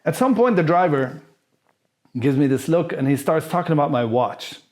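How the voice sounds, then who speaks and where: Slightly high and a bit mellow, the vlogger's voice is animated at a moderate pace as he takes viewer questions. He recounts a personal story in frank, profane speech, acting out each person in it.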